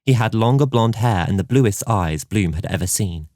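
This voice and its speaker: Calm male audiobook narrator. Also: lowish voice, moderate pace, no echo, studio quality.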